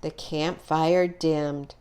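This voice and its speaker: A woman reading a children's storybook aloud, expressive and unhurried. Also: deep voice, smooth. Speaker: storybook reader.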